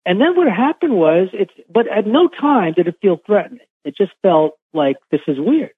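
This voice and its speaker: A man calling in to recount a strange encounter on a dark road, halting and repeating himself as he goes. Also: high voice, sing-song, breathy edge. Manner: halting, repeats words, rambling first-person account. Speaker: caller recounting a UFO encounter. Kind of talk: phone-in storytelling. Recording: tinny phone line on radio.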